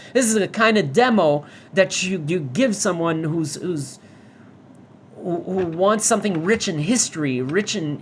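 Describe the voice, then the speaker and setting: A man's voice: fairly high pitch, slight background noise. A man giving casual first-impressions commentary as a gamer on a VR demo, rambling, restarting and swearing.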